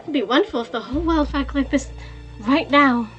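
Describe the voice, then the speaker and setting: A woman's voice: high voice, a little fast, fairly bright tone, lo-fi sound, soft background music. A woman voicing a lovestruck, flirtatious female cop in a visual novel reading, sing-song and teasing. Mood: giddy.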